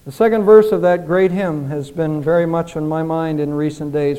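High-pitched male pastor preaching in a hall. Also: steady tone, normal speed, few pauses, mellow, clear, resonant tone. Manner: earnest preaching with rising and falling intensity, rhetorical questions. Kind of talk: sermon. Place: church sanctuary. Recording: church hall with long reverb.

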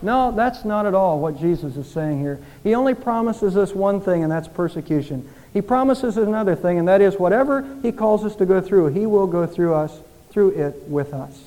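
A male pastor with a high, mellow voice delivers an earnest sermon. He presses the congregation with rhetorical questions that swell and then drop to hushed pleading. The sound rings with a long church-hall reverb. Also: animated, normal speed. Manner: earnest preaching with rising and falling intensity, rhetorical questions. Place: church sanctuary.

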